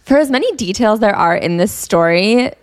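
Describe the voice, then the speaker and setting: A woman's voice: mid-range voice, moderate pace, no room sound. A young woman co-hosting a podcast, reading passages aloud and making dry, mocking remarks. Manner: dry, mocking, reads quotes flatly. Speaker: podcast co-host. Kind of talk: casual chat reading from a book.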